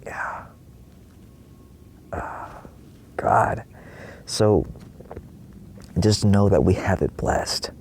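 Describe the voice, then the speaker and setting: A man's voice: lowish voice, very slow, pauses often, a little mellow, in a whisper. A man giving a rambling spiritual monologue in his trailer, swearing often and acting out his own past cries. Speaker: spiritual vlogger.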